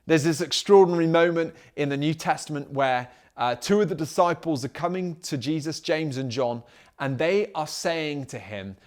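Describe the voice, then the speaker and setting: A man's voice: on the high side, moderate pace. Emphatic male pastor preaching. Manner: emphatic preaching with repeated rhetorical questions. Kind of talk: sermon.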